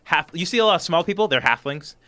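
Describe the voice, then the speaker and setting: A man's voice: a little high, animated, fast, bright, forceful tone. A man narrating as game master in a tabletop game, rambling with many ums and restarts. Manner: rambling, lots of fillers and restarts.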